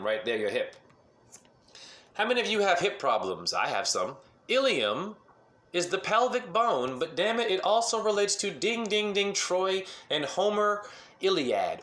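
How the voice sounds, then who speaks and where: A man's voice: on the high side, sharp tone, echoey room. A man giving a rambling monologue to camera as a self-styled spiritual teacher, firing off rhetorical questions and jumping between topics.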